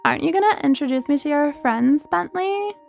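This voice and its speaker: A woman's voice: sits high, expressive, creaky, darkish tone, faint music behind, voice pushed up. A woman voicing a bubbly, giggly party girl in a read-aloud story. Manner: giggly, slow.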